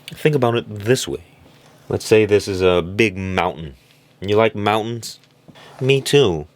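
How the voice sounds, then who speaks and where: A man's voice: fairly low pitch, unhurried. A man giving a reflective motivational monologue, illustrating his points with little stories and acted-out voices. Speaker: self-help speaker.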